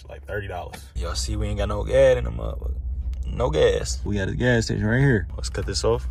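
Brief: young male car vlogger, deep-ish, loose slang, traffic noise around. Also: vocal fry. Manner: slangy, profane, laid-back. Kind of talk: casual vlog while driving. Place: in and around a pickup truck, outdoors.

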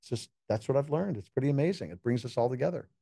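Mellow-voiced man telling stories earnestly. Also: mid-range voice, animated, fast, vocal fry, husky, dry recording, clean studio sound. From United States. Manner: earnest, reflective storytelling with quoted dialogue. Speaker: keynote speaker and juggler, podcast guest. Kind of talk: casual interview conversation.

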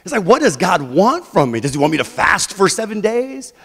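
A man preaching a sermon as pastor, animated, moving between quiet and loud passages. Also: sits high, fairly quick, creaky, slightly rough, long reverb tail. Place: church sanctuary.

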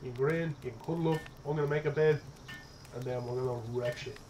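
A young man giving casual let's-play commentary, excitable and profane, chattering to his in-game pet as he plays. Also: mid-range voice, fast talker, slight background noise. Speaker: gaming streamer.

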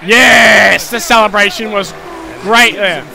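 Man, gaming YouTuber, high-pitched, bright and sharp tone, excitable play-by-play cheering, casual chat to viewers. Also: slow pace, creaky. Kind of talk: live gameplay commentary.

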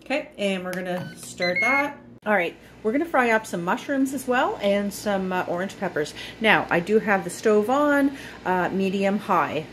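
A woman's voice: medium pitch, animated, moderate pace, background noise. A woman in a casual home cooking vlog, chatting and praising her own food while she eats on camera. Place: home kitchen.

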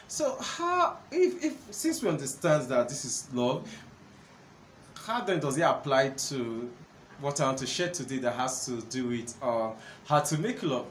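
A man hosting a solo talk on relationships, earnest and conversational, often pausing with fillers. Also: mid-range voice. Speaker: host, counselor. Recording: echoey room with faint background noise.

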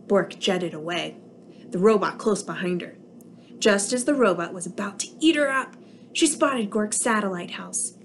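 A woman's voice: mid-range voice, moderate pace, a little hiss or hum. Woman reading a picture book aloud. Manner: expressive storytelling. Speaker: preschool teacher.

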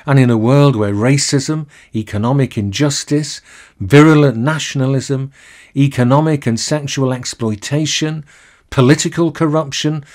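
A male minister giving a recorded sermon in a measured, deliberate way, slowing down to linger on key phrases. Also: medium pitch, darkish tone.

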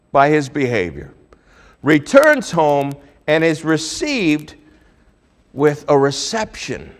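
A male pastor preaching a sermon, telling a Bible story with lively swings between hushed and loud delivery. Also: fairly high pitch, takes it slowly.

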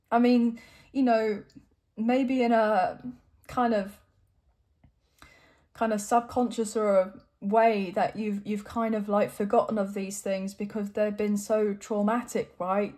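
A woman's voice: mid-range voice, dark tone. A young adult woman giving an encouraging, emotional tarot reading to her viewers, at times choked up. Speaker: tarot reader.

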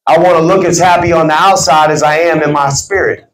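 In an echoey team meeting room, a man with a steady, high-leaning voice speaks briskly to a sales team. His motivational talk stresses words with an emphatic, preacherly cadence.

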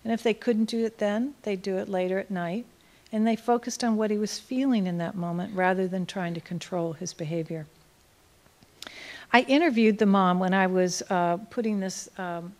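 A woman speaking at a conference in an auditorium, telling a case story and reading quotes with feeling, going soft and slow at the tender lines. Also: mid-range voice, steady tone.

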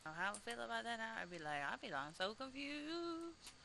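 A woman streamer, chatting casually and reacting loudly as she plays a ghost-hunting game, sometimes whispering. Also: on the high side, very animated, brisk, vocal fry, faint music behind, low-quality recording. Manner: chatty, easily startled, swears and jokes; drops into whispers at times. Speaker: gaming streamer. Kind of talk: casual gameplay commentary.

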